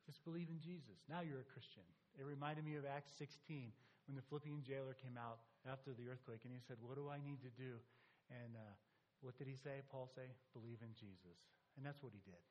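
A man's voice: medium pitch, dull audio. A male pastor preaching a sermon, telling a story with emphatic repeated lines. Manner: animated storytelling with emphatic repetition.

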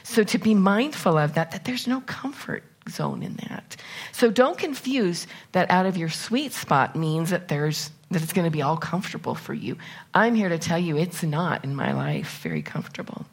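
A woman's voice: on the low side, big pitch swings, moderate pace, husky. Middle-aged woman giving a personal sermon. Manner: candid, personal storytelling with lists of points. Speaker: church speaker. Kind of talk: conversational sermon.

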